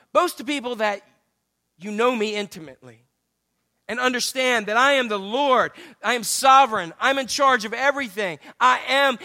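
A man's voice: extremely high pitch, pushed and bright. A man preaching a sermon as pastor in a church, joking and chatting with the congregation as he goes. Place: church sanctuary.

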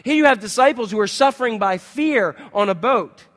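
A man preaching a sermon in a church, conversational and animated, full of rhetorical questions to the congregation. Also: high-pitched, a little fast, in a large hall. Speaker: pastor. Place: church sanctuary.

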